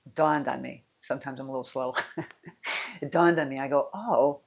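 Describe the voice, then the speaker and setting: A middle-aged woman, a mental fitness coach, talking candidly and casually about her feelings, rambling with restarts and soft laughs. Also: extremely low pitch, fairly even intonation, normal speed, vocal fry. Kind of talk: casual personal talk.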